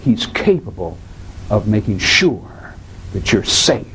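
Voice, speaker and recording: A man preaching a sermon in a dramatic way, swinging from raised, drawn-out lines to hushed, low asides, and acting out the voices he quotes. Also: big pitch swings, a little hiss or hum, rough recording. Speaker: pastor.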